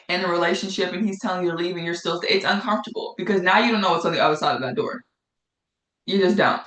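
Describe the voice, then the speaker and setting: A woman's voice: on the low side, fairly bright tone. A woman teaching a Bible study in a conversational way, often repeating phrases for emphasis. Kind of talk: casual spoken Bible study. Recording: echoey room.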